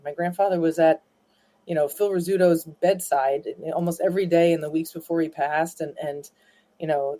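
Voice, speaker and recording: A woman with a slightly low voice tells stories about her family in a relaxed interview. She rambles along with plenty of fillers and restarts. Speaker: guest, granddaughter of a former ballplayer. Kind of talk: casual storytelling interview.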